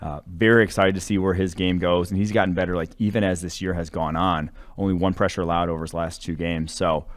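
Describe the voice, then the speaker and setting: A man's voice: deep voice, fairly even intonation, quick pace, hardly any pauses. A man co-hosting a football draft podcast, talking in a rambling, casual way full of fillers and self-corrections. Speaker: draft analyst co-host. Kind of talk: casual sports analysis chat.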